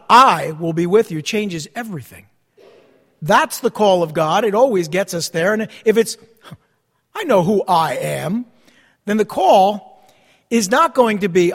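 A man preaching a sermon as pastor, repeating key phrases with dramatic pauses. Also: sits high, in a large hall.

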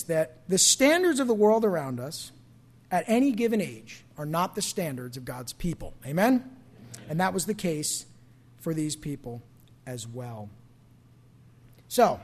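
High-voiced pastor preaching conversationally. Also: male voice. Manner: conversational, asks the congregation questions. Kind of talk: sermon.

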